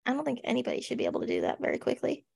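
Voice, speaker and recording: A young woman co-hosting a podcast, chatting in an animated, sarcastic way and acting out quotes. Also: on the high side, rapid-fire, gravelly, slightly rough. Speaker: podcast co-host. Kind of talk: casual snarky chat.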